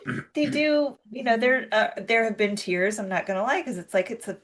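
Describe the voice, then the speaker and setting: A woman's voice: a little high, expressive, fairly quick, over a noisy crowd. A middle-aged woman co-hosting a podcast, telling a rambling story full of fillers and restarts and swearing casually. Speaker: podcast co-host. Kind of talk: casual chat.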